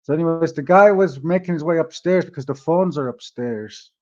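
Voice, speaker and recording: Man, casual rambling storyteller, profane, tags lines with "eh", fairly high voice, dull lo-fi sound. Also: brisk, darkish tone. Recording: dull lo-fi recording.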